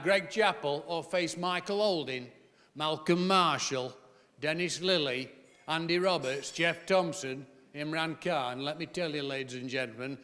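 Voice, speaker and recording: Older Derbyshire man, comic after-dinner storyteller, bright and forceful, long hall reverb. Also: a little high, unhurried. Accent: Northern English, Derbyshire. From Chesterfield, England. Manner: comic, punchy, rhetorical repetition. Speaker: after-dinner speaker, former cricketer. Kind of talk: storytelling speech to an audience. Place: large hall with live audience.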